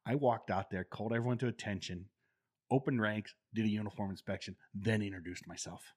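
Speaking fairly quickly in a voice on the low side, a middle-aged ex-Marine spins casual stories. He is animated, laughs a lot and performs the voices of the characters he quotes.

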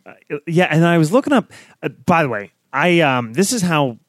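A fairly high-voiced man who laughs often while he jokes, loose and profane on a casual film podcast. The recording is close and dry. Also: sing-song, normal speed, dry recording. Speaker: podcast co-host. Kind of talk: casual film-review chat.

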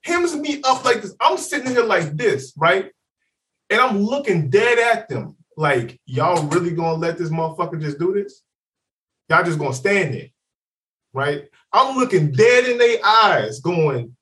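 High, animated man telling a story. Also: measured pace, distant mic. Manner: animated, profane, acts out quotes. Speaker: podcast co-host. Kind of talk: casual chat, storytelling.

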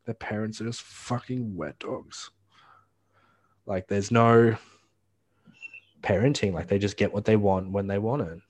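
A man's voice: lowish voice, unhurried, pauses often, a little mellow. A young man co-hosting a podcast, agreeing along and adding blunt opinions in casual chat. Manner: agreeable, chimes in with short replies, blunt opinions. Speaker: podcast co-host.

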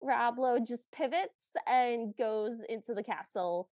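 A high-pitched woman chatting on a podcast, recapping a film scene by scene and slipping into the characters' lines as she goes. Her voice sits close and dry, with no room sound around it. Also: slow, dry recording, lo-fi sound. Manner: animated, acts out characters' lines in quotes. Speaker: podcast co-host. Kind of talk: casual chat recapping a movie.

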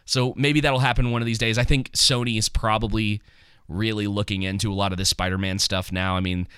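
A man's voice: fairly low pitch, flat delivery, fairly quick, pushed and bright, clean tone, no room sound, clean studio sound. A man co-hosting a podcast, chatting casually about movies in a rambling, joking way with lots of ums and restarts. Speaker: podcast co-host.

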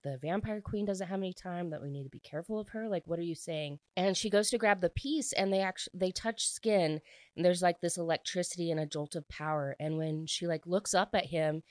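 A woman casually recapping a book's plot, chatty and animated, peppering her talk with "like.". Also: on the low side, no room sound. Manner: chatty, heavy use of "like" fillers; excitable and animated when reacting. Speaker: book reviewer.

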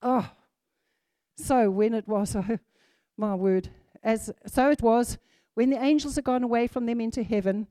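A woman preaching a sermon to a congregation, reading scripture aloud and repeating key phrases with lively emphasis. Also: fairly high pitch, unhurried, dry recording, clean studio sound.

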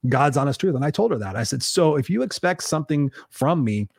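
A middle-aged man with a fairly high, expressive voice speaks briskly, with vocal fry and a slightly mellow quality. Hosting a livestream, he talks about relationships in an earnest, emphatic, motivational way and reads viewer comments, quoting them in a raised voice. The recording is clean studio sound without room sound.

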